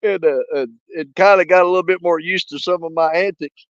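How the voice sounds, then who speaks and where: Coughing folksy man with a bright voice. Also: sits high, steady tone, dry recording. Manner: folksy, laughs often, drawn-out shoutouts. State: sick with a cough and fever. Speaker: fishing channel host. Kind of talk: casual live chat shoutouts. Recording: dull, dry, lo-fi sound.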